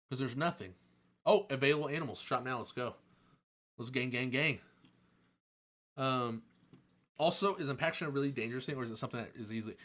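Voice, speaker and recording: A man casually answering chat questions on a live stream, chatty and excitable, joking and laughing often. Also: medium pitch.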